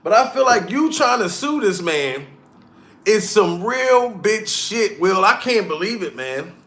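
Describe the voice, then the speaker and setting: A man's voice: high voice, very animated, measured pace, fairly bright tone. A comedian streamer ranting profanely and mockingly on a live stream, calling out to chat as he goes. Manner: profane, heated, mocking rant.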